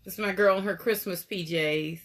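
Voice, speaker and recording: Hosting her weekly doll live stream through her phone, a woman chats from her doll room at home and greets viewers by name, a little winded. She talks at medium pitch in a steady tone, slightly fast.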